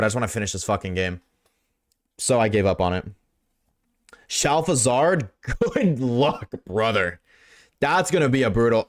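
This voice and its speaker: A young man hosting a live stream, chatting with viewers in a loose, slangy way. His pitch swings widely as he reacts, and he swears without a second thought. His voice sits at an ordinary middle height for a man. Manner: slangy, excitable, swears freely. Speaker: streamer reading chat. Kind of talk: casual live-stream chat.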